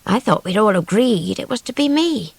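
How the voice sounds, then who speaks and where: A woman's voice: expressive, vocal fry, slightly rough, dry recording. A woman doing a weary drifter man. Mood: weary calm. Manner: low, unhurried, sometimes softly whispered.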